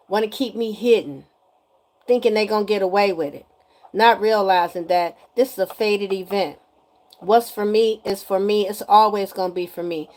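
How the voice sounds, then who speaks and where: A woman giving a casual spiritual energy reading to viewers, animated and emphatic, often repeating her lines and slipping into slang. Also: medium pitch. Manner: animated, breaks into singing, emphatic and preachy.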